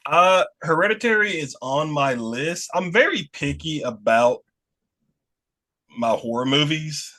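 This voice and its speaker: A man's voice: a little high, expressive, a little slow, pushed and bright. A man from Alabama with a Southern American accent, chatting casually as a podcast guest and rambling with many restarts. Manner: rambling, with frequent restarts and laughs. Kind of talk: casual chat.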